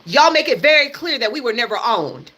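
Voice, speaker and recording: Blunt, forceful high-voiced woman ranting. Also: big pitch swings, fairly quick. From United States. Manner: blunt, emphatic and profane, hammering points with repetition. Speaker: livestream host. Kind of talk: heated livestream rant.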